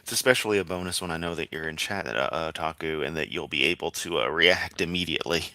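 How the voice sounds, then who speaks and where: A man's voice: very deep voice, fast talker, hardly any pauses, sharp tone, no echo, studio quality. A man hosting a livestream and reacting to clips in casual commentary, sarcastic and mocking, laughing often.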